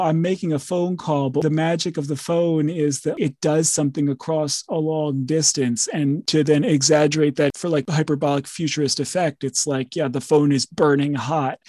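A man with a somewhat high voice hosts a podcast as a professor. He explains ideas with enthusiastic, rambling energy in casual academic chat. The sound is close and dry. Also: a little mellow, no room sound.

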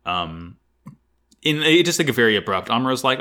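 On a casual podcast, a male co-host recaps an anime episode, cracking jokes, swearing and laughing often. His voice sits on the low side and moves fairly quickly, with an animated, jokey manner.

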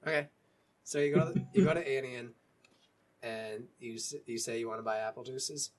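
A young man with a husky voice, narrating a tabletop role-playing game as game master in a loose, joking way. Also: medium pitch, a little fast.

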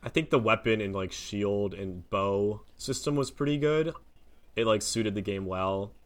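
A man's voice: lowish voice, measured pace. A man co-hosting a podcast, chatting casually and eagerly about games. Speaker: podcast co-host. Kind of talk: casual chat.

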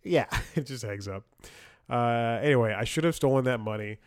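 A man's voice: mid-range voice, moderate pace, smooth, no room sound, studio quality. A man hosting a podcast, telling a story in a rambling, self-interrupting way and laughing at his own jokes. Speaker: podcast host. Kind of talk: casual comedic monologue.

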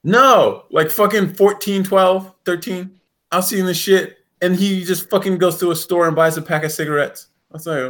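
A man from the United States chatting casually as a co-host, rambling and animated, swearing freely and laughing often. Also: on the high side, normal speed. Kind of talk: casual chat.

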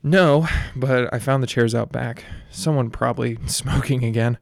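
Man reading a sweet older lady secretary, slow and motherly, gravelly. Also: mid-range voice, no room sound, studio quality, natural voice.

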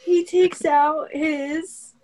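A woman's voice: sits high, fairly even intonation, extremely slow, darkish tone. A woman playing in a tabletop game, hesitant and giggly. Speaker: player. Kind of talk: casual tabletop play.

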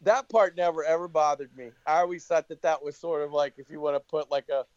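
A man's voice: on the high side, steady tone, fast talker, a little mellow, no room sound, highs cut off. A man talking as a guest in a casual podcast chat, rambling loosely with many restarts and swearing. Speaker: podcast guest, band member.

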